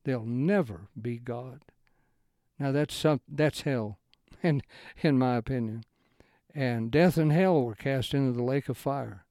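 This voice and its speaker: A man's voice: a little slow, mellow, dry recording, clean studio sound. A man giving an informal Bible study talk, rambling in broken sentences with restarts and rising into emphatic lines. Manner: swings into emphatic raised-pitch lines. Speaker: Bible teacher.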